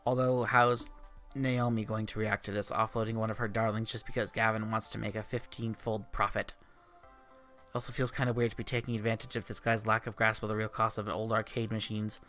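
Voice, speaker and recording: A man with a bright, gravelly voice reads visual novel text aloud while streaming, tossing in playful asides. His voice is mid-pitched and direct, and soft music sits underneath. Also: level tone, fairly quick.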